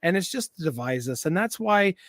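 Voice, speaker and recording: Man, stream guest, high voice, earnest, animated, swears, dry close mic. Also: brisk, no room sound. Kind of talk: casual livestream chat.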